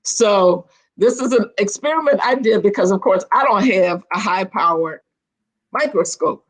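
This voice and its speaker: An older woman, a guest on a video call, telling stories in a chatty, animated way and often restarting her sentences. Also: medium pitch, normal speed. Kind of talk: casual storytelling on a video call.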